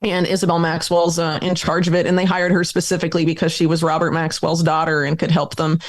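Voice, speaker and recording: A woman guest on a podcast, talking quickly and emphatically through a long, detailed explanation full of dates and names. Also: on the low side, flat delivery. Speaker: guest author and journalist.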